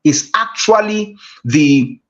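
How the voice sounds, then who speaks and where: A man's voice: a little high, expressive, takes it slowly, fairly bright tone. A man, a guest mentor giving a motivational class talk with emphatic, repeated phrases. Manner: emphatic, preacher-like repetition. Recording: dull lo-fi call audio.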